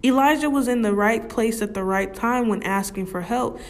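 A woman giving a casual Bible study, reading scripture slowly and talking it through, often asking "right?". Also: a little high. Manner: slow, conversational, often asks "right?"; reads scripture slowly and deliberately. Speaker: Bible teacher.

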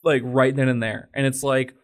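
A young man co-hosting a casual podcast, telling excited, profane stories and slipping into put-on quotes. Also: medium pitch, normal speed. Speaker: podcast co-host. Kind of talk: casual chat.

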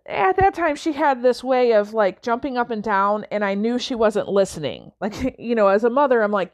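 A woman telling a personal story about coaching and mentoring, chatty, with fillers and acted-out quotes. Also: a little high. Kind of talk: conversational storytelling talk.

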